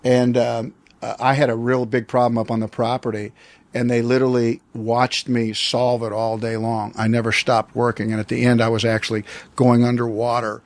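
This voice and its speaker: A man's voice: mid-range voice, little pitch movement, normal speed, no room sound. A man in his sixties from the United States, telling a personal story as an interview guest, reflective and rambling with many restarts. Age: 60s.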